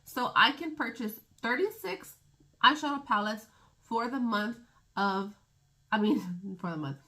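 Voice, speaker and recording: Woman in her 30s doing a beauty vlog, bright voice, rambly and laughing at herself. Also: fairly high pitch, lively intonation, measured pace. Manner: chatty, rambling, laughs at own stumbles. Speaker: beauty vlogger. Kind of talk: casual chat to camera.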